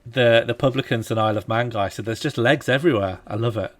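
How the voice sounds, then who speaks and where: A man chats easily while he plays a strategy game on a live stream. His voice sits at a middle pitch, and he is relaxed and jokey, thinking out loud as he goes. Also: fast. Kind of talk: casual live-stream chat.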